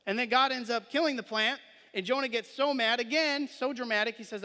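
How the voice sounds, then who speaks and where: A man with an extremely high, pushed and bright voice preaches a little fast in a church sanctuary full of long hall reverb. After reading scripture aloud, he unpacks it conversationally, checking in with listeners through questions and "right?"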